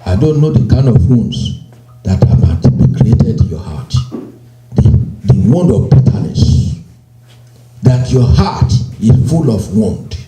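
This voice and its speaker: A man preaching a sermon, slow and emphatic, repeating phrases and quoting scripture. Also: fairly low pitch, sing-song, dark tone, echoey room, slight background noise, rough recording. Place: church.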